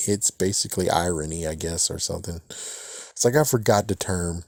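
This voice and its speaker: A man's voice: low-pitched, moderate pace, creaky, a little mellow, no echo, studio quality. A man giving a casual, rambling recap of a TV episode, swearing casually and chuckling often. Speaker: TV episode reviewer.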